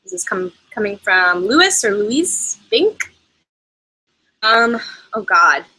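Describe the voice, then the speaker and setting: A woman's voice: medium pitch, big pitch swings, takes it slowly, pushed and bright, husky, low-quality recording. A woman hosting a casual live travel chat, bubbly and chatty, laughing often as she answers viewer questions. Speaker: travel vlogger host. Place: lives in Canada.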